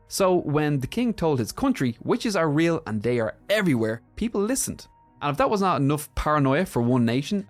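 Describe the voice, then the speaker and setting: A man co-hosting a storytelling podcast, explaining history in an engaged, conversational way. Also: medium pitch. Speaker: podcast co-host.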